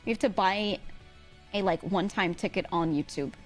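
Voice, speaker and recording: A woman's voice: mid-range voice, moderate pace, soft background music. A woman streamer in casual chat, giggly and full of fillers, her voice strained and irritated. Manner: chatty, giggly, lots of fillers.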